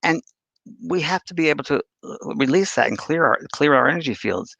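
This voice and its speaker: A man's voice: fairly high pitch, expressive, a little fast, gravelly, fairly bright tone, no echo. A man hosting a casual spiritual talk show, rambling through anecdotes and viewer questions. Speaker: spiritual medium and host. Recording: dull lo-fi dry sound.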